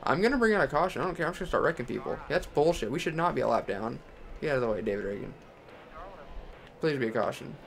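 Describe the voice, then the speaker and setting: A young man from Texas calls his racing game out loud as he drives, swearing freely and ranting at rival drivers. His voice sits at a middling pitch, and a faint hiss of noise hangs behind it. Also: fast, creaky, pauses often. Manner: profane, frustrated ranting. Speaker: gaming channel host.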